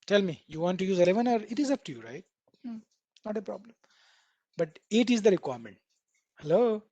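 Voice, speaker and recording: Guy teaching a coding class, keeps asking "right?", chatty and animated. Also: sits high, brisk, no room sound, muffled recording. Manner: chatty, repeatedly checking in with "right?"; animated, acting out what the code editor says. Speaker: programming instructor. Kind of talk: live online coding class.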